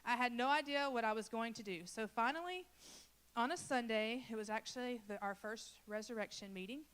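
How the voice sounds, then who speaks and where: A woman's voice: a little high, a little fast, a bit bright, clean tone. A woman from Louisiana who leads a church children's ministry, giving an earnest and emotional personal testimony and talking straight to the congregation.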